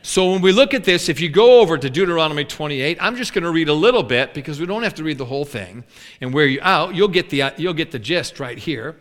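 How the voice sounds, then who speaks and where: A man preaching a sermon, animated, acting out the complaining voices of the people in his story. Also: fairly high pitch, quick pace. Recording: long hall reverb.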